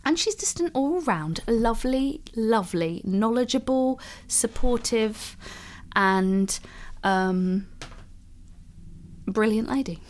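A woman's voice: on the high side, lively intonation, takes it slowly, darkish tone. A woman co-hosting a podcast, chatting casually and reading an introduction aloud in a careful, slightly posh reading voice with frequent ums. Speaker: podcast co-host. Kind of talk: casual chat and read-out introduction.

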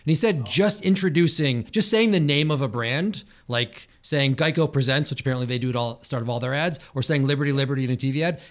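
Guy co-hosting, talks fast, really emphatic and opinionated. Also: medium pitch. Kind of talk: casual conversation.

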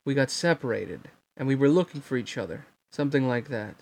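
A bright-eyed teenage boy hero from a storybook reading, earnest and quick to cry out in protest, his voice pushed up a little higher than the reader's own, as a man puts him on. He pleads more than he argues. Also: expressive, natural voice.

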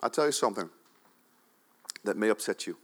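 A pastor from the Netherlands, preaching a sermon in a church, swinging between loud, emphatic urging and quiet asides. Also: male voice, fairly low pitch, animated, a little fast.

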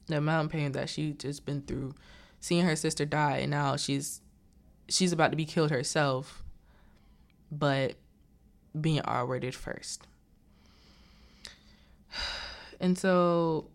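Slow, low-voiced woman recapping a film. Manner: retells the plot with quoted lines and filler "like". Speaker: movie reviewer. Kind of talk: casual movie recap.

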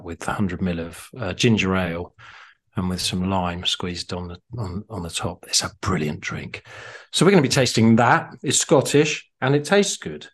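A man co-hosting a drinks podcast, talking casually and enthusiastically with frequent fillers and restarts. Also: low voice. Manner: chatty, enthusiastic, lots of fillers. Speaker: podcast co-host.

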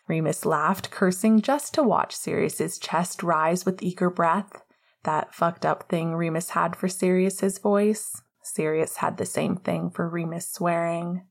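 A woman narrating a romance story in a soft, close voice that slips into whisper. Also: lowish voice, unhurried, vocal fry. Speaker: audiobook reader. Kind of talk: intimate fiction narration.

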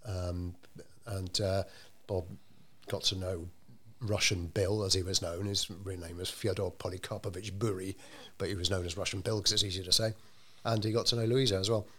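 A man telling a story in an interview, measured and unhurried, with frequent ums and restarts. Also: low voice, flat delivery, fairly bright tone, a little hiss or hum. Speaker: interviewee telling local history. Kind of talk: conversational storytelling.

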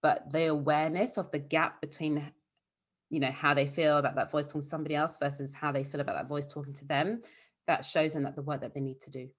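A woman's voice: sits low, little pitch movement, fast, slightly rough. A woman therapist for eating disorders, talking in a casual, explanatory way in an interview. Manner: warm, explanatory, fillers like "like" and "you know".

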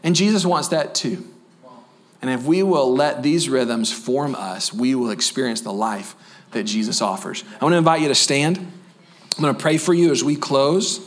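A man preaching a sermon as a pastor, animated and full of humorous asides, then softening into a slow, quiet closing prayer. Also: medium pitch. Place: church sanctuary.

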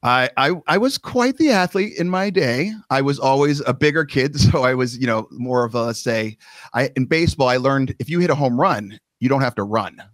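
A man's voice: mid-range voice, lively intonation, moderate pace, dry recording. A male podcast host spinning a long, rambling story, now and then acting out the other voices in it. He sits right on a close mic in a dead, dry room. His tone is casual and pokes fun at himself. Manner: rambling, self-deprecating, acts out quotes.

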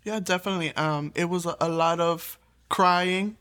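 A woman's voice: on the low side, moderate pace, fairly bright tone, smooth. Woman, young adult, earnest personal testimony, storytelling, quotes others. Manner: earnest, storytelling, quoting others, brief laughs. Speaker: testimony giver.

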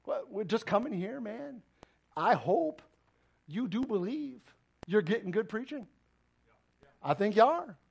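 A man's voice: high-pitched, sing-song, measured pace, vocal fry, long pauses, darkish tone, husky, muffled recording. A man preaching a sermon as pastor, emphatic and full of direct questions to the congregation. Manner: emphatic, preaching with rising and falling intensity.

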